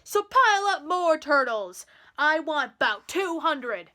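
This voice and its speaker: A woman's voice: very high-pitched, slow, bright, forceful tone, exaggerated voice. A woman voicing a pompous, boastful male turtle king who bellows his commands. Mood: commanding.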